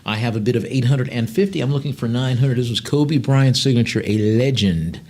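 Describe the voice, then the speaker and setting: A man's voice: medium pitch, a little fast, a little mellow. Chatty man calling a live auction. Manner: chatty, digressive, many fillers between bid calls.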